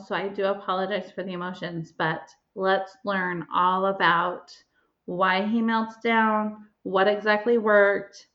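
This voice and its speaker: A woman hosting her own podcast, telling a personal story with emotion and plenty of pauses and ums. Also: medium pitch, a bit bright, muffled recording. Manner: emotional, pausing, many ums. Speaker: podcast host and life coach.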